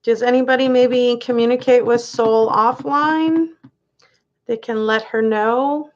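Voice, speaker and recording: A woman's voice: fairly high pitch, measured pace. A woman hosting a casual live chat, reading viewers' comments aloud and laughing often. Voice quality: laughs often, chatty and animated. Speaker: livestream host. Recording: dull lo-fi livestream audio.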